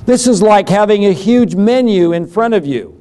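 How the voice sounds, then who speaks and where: Middle-aged male seminar lecturer, high-pitched, folksy, talks to the class and plays out quick dialogues. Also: expressive, mellow. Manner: folksy, acts out little dialogues. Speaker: seminar speaker on taxes.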